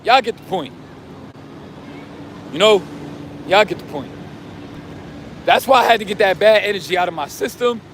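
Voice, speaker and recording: A man vlogging outdoors who rambles in street slang and keeps saying "you know what I'm saying", while he is losing his voice and going hoarse. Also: high voice, animated, moderate pace, long pauses, fairly bright tone, a little hiss or hum. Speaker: vlogger and self-styled life coach. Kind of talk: casual monologue to camera.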